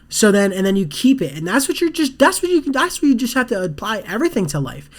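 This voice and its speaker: A casual podcast host thinks out loud in a meandering monologue, leaning on "you know" and "like" and restarting sentences midway. They often slip into little quoted asides, voicing what someone thinks to themselves. The pitch sits in an ordinary middle range. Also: big pitch swings, quick pace, hardly any pauses. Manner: rambling, loose, full of "you know" and "like", restarts mid-sentence; acts out inner thoughts in quoted asides.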